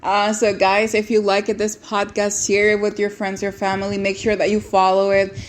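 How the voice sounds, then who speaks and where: A woman's voice: medium pitch, monotone, moderate pace, a little hiss or hum. Tearful woman podcast host. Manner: earnest, tearful, repeats words and restarts often. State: close to tears. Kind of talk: emotional personal testimony and encouragement.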